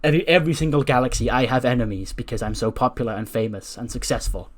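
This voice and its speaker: A man's voice: mid-range voice, steady tone, fast, close to an everyday voice. A man voicing a brash, self-obsessed female wrestler who plays detective and bosses her partner around. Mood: bossy. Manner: bossy, keeps calling her partner a nickname.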